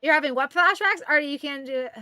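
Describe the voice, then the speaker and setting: A woman's voice: sits high, fast, bright, forceful tone, no echo, faint music behind. A woman from Canada streaming live, chatting with viewers and cooing baby talk to her pet. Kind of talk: casual live-stream chat.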